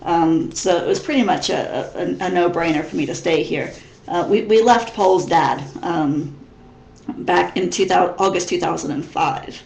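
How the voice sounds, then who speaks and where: This Missouri-born vlogger in her thirties speaks with a low, gravelly, darkish voice at a moderate pace, her American accent mixed with English. Her casual Q&A is chatty and wandering with frequent restarts, recorded with a roomy echo.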